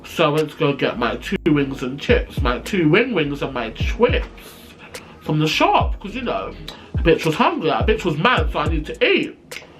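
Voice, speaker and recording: A man telling a storytime vlog, animated, sassy and profane. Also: on the high side, normal speed, faint music behind. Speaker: vlogger.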